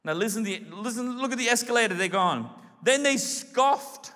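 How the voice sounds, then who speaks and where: A male pastor preaching a sermon in an animated way, acting out the voices of people in his stories. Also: extremely high pitch, moderate pace. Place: large church hall. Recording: reverberant church hall.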